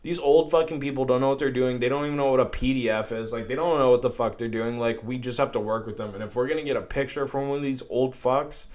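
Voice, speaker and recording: A young man rants into his desk podcast mic, exasperated and rambling, cursing freely as he goes. His voice sits at an ordinary middle pitch, casual and loose. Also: steady tone, fast, hardly any pauses, a little mellow. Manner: exasperated, swearing a lot, rambling. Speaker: podcast host. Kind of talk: casual solo podcast rant. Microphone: podcast microphone at a desk.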